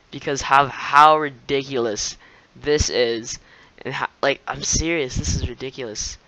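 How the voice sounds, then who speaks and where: An excitable young man commentates his own gameplay, laughing and yelling at opponents. His voice is bright and forceful, at a middle pitch. The sound is dry and close, with no room around it. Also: no room sound, rough recording.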